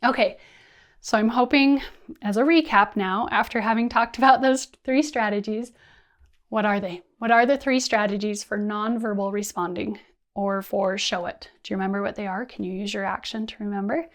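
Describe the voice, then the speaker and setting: A woman's voice: mid-range voice, steady tone, moderate pace. A woman presenting an instructional video for teachers, modeling call-and-response counting and hand actions the way she would with students. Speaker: teacher trainer.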